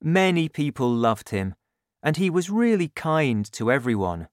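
A man reading a simple storybook aloud for learners, first going through new words, in a careful, deliberate way. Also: on the high side, sing-song, no room sound, studio quality. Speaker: narrator of a graded reader. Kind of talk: slow, clear storybook narration with vocabulary list.

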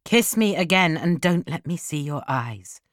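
A woman reading an audiobook and voicing a brooding, heartbroken young man, speaking low and reproachfully. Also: lively intonation, a little slow, dry recording, clean studio sound. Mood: anguished.

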